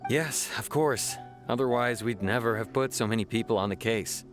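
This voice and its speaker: A man's voice: medium pitch, moderate pace, natural voice. A man voicing a stern male city official in a video game, speaking in a firm, matter-of-fact way. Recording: game dialogue over music.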